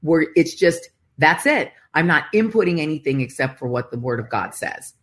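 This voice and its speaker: A woman's voice: deep voice, expressive, normal speed. A woman talks in a casual faith conversation, earnest and searching. She keeps circling back with "I mean, literally" as she works out what she wants to say. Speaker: co-host of a faith talk show.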